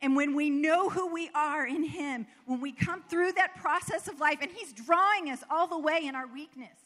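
A woman from the American South gives a sermon, weaving earnest personal stories and laughing at herself now and then. Her voice sits high. It rings out with a long reverb, as in a large hall. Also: normal speed, a bit bright. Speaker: preacher.

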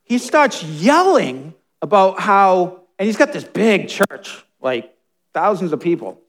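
A man with a strikingly high voice delivers a sermon. He moves between quiet, muttered asides and fervent, almost shouted emphasis. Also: very animated, slow. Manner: passionate, swings from hushed asides to emphatic near-shouting. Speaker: pastor.

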